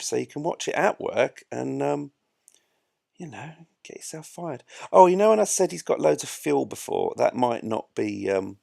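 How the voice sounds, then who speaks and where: A man's voice: on the low side, vocal fry, darkish tone, dry recording, clean studio sound. A man giving chatty, self-mocking live commentary while he plays a space game. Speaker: gameplay streamer.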